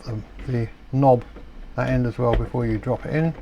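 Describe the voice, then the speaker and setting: A middle-aged man explaining a radio repair step by step in a relaxed, chatty way. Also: mid-range voice, normal speed, dull audio, a little hiss or hum. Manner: relaxed, chatty, self-deprecating asides.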